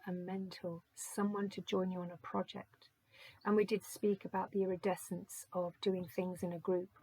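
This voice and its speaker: A woman giving a gentle, musing oracle card reading, slowly reading out card texts and reflecting on them. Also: mid-range voice, slightly rough, no room sound, low-quality recording.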